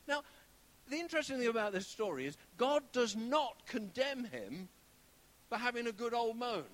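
A man preaching a sermon, telling a story with animated shifts and sometimes dropping to a hushed whisper. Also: very high voice, normal speed.

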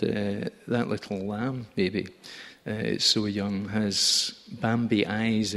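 A man gives a sermon from the pulpit in a relaxed, storytelling way, with touches of dry humour. His voice sits low. Long reverb from the church hall trails behind each phrase. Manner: conversational, gently humorous storytelling. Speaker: preacher.

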